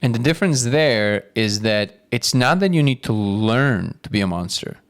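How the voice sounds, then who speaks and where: A man's voice: medium pitch, expressive, normal speed. A man, an actor appearing as a podcast guest, thoughtfully analyzing an idea and paraphrasing it back in a conversational way. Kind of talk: casual conversation.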